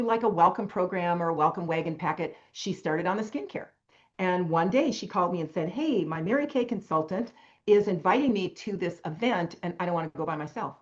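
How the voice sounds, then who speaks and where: An older woman talks through a long personal story on a video call, drifting between asides in a lively, winding way. Her voice sits on the low side, and the call audio is dull and muffled. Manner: rambling, animated personal storytelling. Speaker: longtime direct-sales leader.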